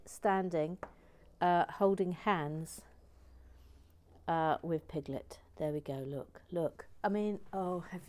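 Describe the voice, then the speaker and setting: A woman hosting a relaxed brick-building stream, chatting playfully and reading out viewer comments with many asides. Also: lowish voice.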